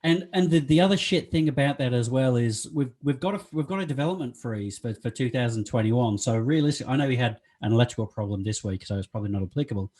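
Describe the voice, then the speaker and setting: A man's voice: medium pitch, lively intonation, fast, few pauses, a little mellow. A man co-hosting a podcast in casual chat, talking freely and laughing often. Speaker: podcast co-host.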